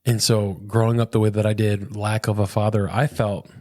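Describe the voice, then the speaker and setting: An earnest man in his thirties with a lowish voice, speaking as a pastor and podcast guest in a relaxed, casual interview. He talks reflectively at a normal pace, often tossing in "man" and "dude." The recording is close and dry, with almost no room sound.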